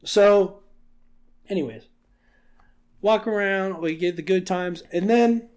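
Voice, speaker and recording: Though his voice is high, this podcast co-host in his twenties speaks at a slow pace. He tells a story in animated, casual chat, swearing and acting out quotes.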